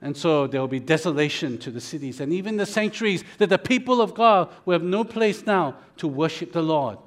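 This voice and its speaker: A man with a high voice delivers a sermon as the pastor. His preaching is dynamic, with loud, rising warnings and quiet, slowed phrases in between. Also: animated.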